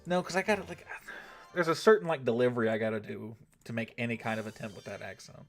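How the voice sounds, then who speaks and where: A man's voice: medium pitch, quick pace, faint music behind. A man hosting a gaming livestream, chatting loosely with his viewers. He rambles, swears freely and keeps checking in with "right?". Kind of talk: casual chat with a live audience.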